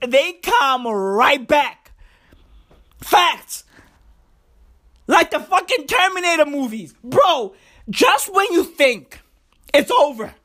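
High, animated woman ranting. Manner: animated, shouty, profane slang-heavy. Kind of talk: comedic rant.

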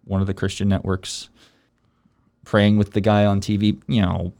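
A man in his thirties hosting a casual conversation, relaxed and rambling with many ums. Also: on the low side, moderate pace, creaky. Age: 30s. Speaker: podcast host. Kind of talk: casual faith chat.

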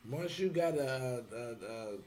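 A man's voice: medium pitch, expressive, takes it slowly, a little mellow, slight background noise. A man co-hosting a podcast, crudely agreeing and egging on a political rant. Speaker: podcast co-host.

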